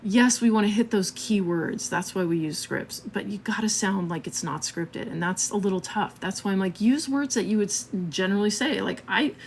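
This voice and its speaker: A woman's voice: mid-range voice, normal speed, hardly any pauses, slight background noise. A woman hosting a live marketing stream, talking casually and a bit scattered, laughing often and checking in with "okay?".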